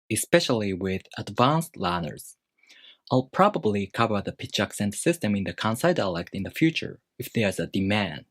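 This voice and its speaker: A man teaching a language lesson, explaining rules step by step in a measured, scripted way. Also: fairly low pitch, slightly rough, no room sound, clean studio sound.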